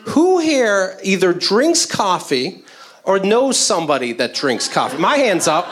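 A man's voice: high-pitched, very animated, measured pace, background noise. A man playing an overeager male restaurant trainer in a stand-up bit, full of forced corporate cheer. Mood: instructive. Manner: chirpy forced enthusiasm, cheesy corporate pep. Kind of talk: stand-up comedy character bit.

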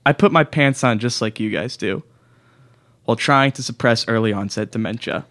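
A man's voice: mid-range voice, normal speed, a bit bright. A young man hosting a comedy podcast, delivering a dry, self-mocking monologue and chatting casually with his guests. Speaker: podcast host.

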